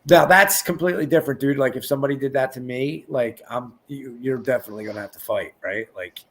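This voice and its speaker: A man's voice: mid-range voice, a bit bright. A man co-hosting a podcast, in crude, rambling casual banter, often acting out quotes. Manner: profane, rambling, quick to act out quotes. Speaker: podcast co-host.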